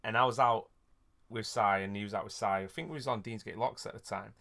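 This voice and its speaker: A man's voice: fairly low pitch, steady tone, fairly quick, vocal fry, sharp tone. A man, hosting a podcast and telling a rambling, sweary story with frequent laughs. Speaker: podcast host. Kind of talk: casual storytelling chat.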